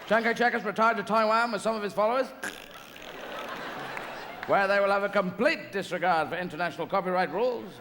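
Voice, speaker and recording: A man acting a loud, excited man guessing at an animal's message, recorded live in an echoey hall with an audience. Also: high-pitched, crowd noise, noisy background. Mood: urgent. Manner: loud, urgent, guessing rapidly.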